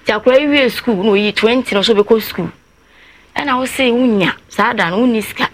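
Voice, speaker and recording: A woman's voice: on the high side, fast. A woman from Ghana, a guest on a talk show telling a long personal account and acting out other people's words in quotes. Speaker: guest telling her story.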